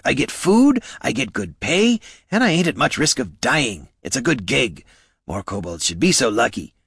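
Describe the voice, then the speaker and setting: A raspy little male kobold rattles off wisecracks and grievances, as a man puts him on. The voice sits higher than the narrator's, gravelly and lively in its swings. It is a storybook voice heard close and dry. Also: no echo, exaggerated voice. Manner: rapid wisecracking street talk, defensive. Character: raspy fast-talking male kobold purse performer, touchy.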